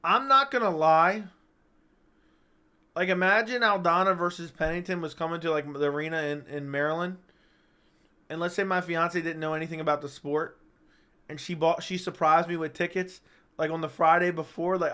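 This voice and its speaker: A man's voice: fairly high pitch, steady tone, moderate pace, bright, forceful tone, smooth. A young man hosting a live-stream chat, rambling and joking as he reads viewer comments aloud.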